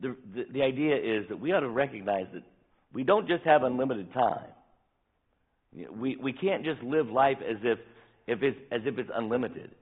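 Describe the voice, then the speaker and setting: A pastor in his sixties preaching a sermon, earnest and emphatic, slowing down when he reads scripture. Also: medium pitch, expressive, husky. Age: 60s. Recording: tinny phone-like sound.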